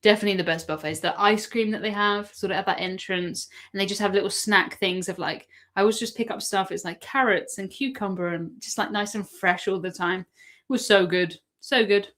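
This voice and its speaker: Brief: English woman, chatty live-stream host, mid-pitched, laughs easily. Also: fairly even intonation, a little fast, a bit bright. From England. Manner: chatty, answers viewer questions, laughs often.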